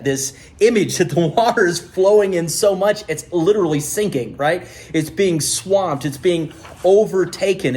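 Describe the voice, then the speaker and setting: A male pastor preaching a sermon with animated, conversational storytelling. His voice sits a touch higher than most men's.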